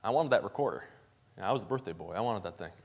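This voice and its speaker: A man's voice: on the low side, expressive, racing, creaky. A man preaching a sermon in a folksy storytelling way, acting out the scenes he describes.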